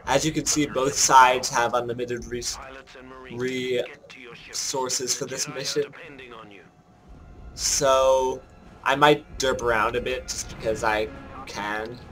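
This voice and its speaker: A man giving casual let's-play commentary, joking at his own mistakes and thinking out loud as he plays. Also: mid-range voice, fairly even intonation, slow, pauses often, soft background music. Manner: jokey, self-mocking, thinks aloud while playing. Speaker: gameplay commentator.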